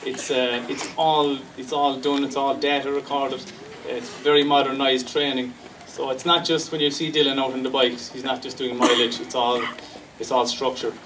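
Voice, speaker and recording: A man's voice: medium pitch, flat delivery, moderate pace, hardly any pauses, fairly bright tone. An Irish man acting as MC, introducing speakers at a celebration in a plain, rambling way. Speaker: event MC. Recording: distant mic with background noise.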